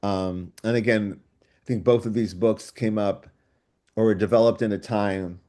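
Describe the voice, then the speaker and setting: Over a video call, a writer guesting on a book club show talks a little slowly, his pitch fairly low and his intonation fairly even. The conversation is casual, and he's enthusiastic, thinking aloud through long digressions.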